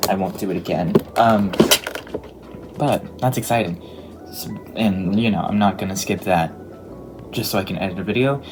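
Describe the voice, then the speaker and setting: A young woman chatting casually as a crochet vlogger, rambling with lots of ums and likes. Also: rumbling low. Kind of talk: casual vlog chat. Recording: voice over clear background music.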